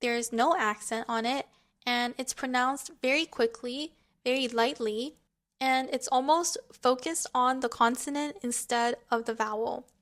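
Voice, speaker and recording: A woman teaching a language lesson, speaking in a slow, scripted way and carefully modeling each example word. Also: high voice, a bit bright.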